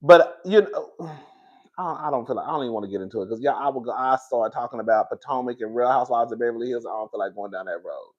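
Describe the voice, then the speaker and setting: A man's voice: mid-range voice, fast talker, highs cut off. A man giving a casual, candid commentary to his viewers, profane and rambling, often restarting and going off on asides. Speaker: reality TV commentator.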